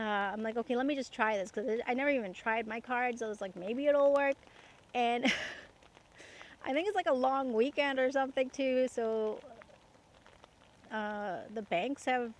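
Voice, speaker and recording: Young canadian woman rambling through a story, laughs a lot, fairly high voice. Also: slight background noise. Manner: chatty, laughs often, many fillers. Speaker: podcast host. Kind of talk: casual storytelling monologue.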